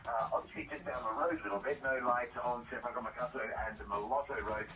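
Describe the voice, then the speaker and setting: A man giving a radio traffic report in a brisk, matter-of-fact way. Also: medium pitch, fairly even intonation, far from the mic, low-quality recording. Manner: brisk, matter-of-fact reading of road conditions.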